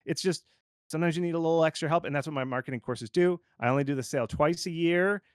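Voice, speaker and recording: A man with a slightly high voice gives game marketing advice in a loose, animated way. He leans heavily on fillers and asides. His voice sits dry and close, with no room sound. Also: quick pace, clean tone, no echo. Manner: animated and informal, lots of fillers like "like". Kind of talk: conversational expert commentary.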